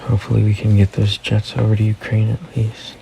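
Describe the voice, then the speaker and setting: A man's voice: fairly low pitch, completely flat delivery, a little fast, gravelly, warm tone, poor audio. A man hosting a casual news recap, reading headlines and adding offhand personal comments. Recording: faint background noise.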